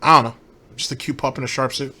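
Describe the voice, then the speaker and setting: A man's voice: mid-range voice, steady tone, fast talker, bright, forceful tone, a little hiss or hum. Guy ranting on his commentary channel, sarcastic and rambly, lots of cussing.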